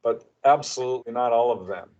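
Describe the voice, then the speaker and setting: A man's voice: medium pitch, brisk, low-quality recording. A man guesting on an interview show as an author, telling anecdotes and acting out the quotes. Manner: animated storyteller who acts out quotes. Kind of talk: casual interview chat.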